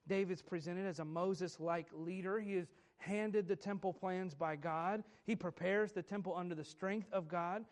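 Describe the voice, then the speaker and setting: Male pastor, high-pitched voice, emphatic sermon delivery with rhetorical questions. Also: steady tone, normal speed, hardly any pauses.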